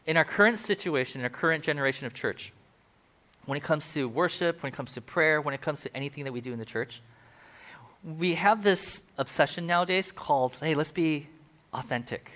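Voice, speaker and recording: A man's voice: fairly high pitch, fairly bright tone. A male pastor giving a conversational sermon, full of asides and acted-out quotes.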